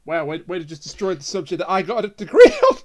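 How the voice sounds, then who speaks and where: A podcast host talking casually with a co-host. The voice sits at a middling pitch. Speech is jokey and tumbles out with restarts and stumbles. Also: expressive, quick pace, darkish tone. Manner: jokey, laughs a lot, trips over words.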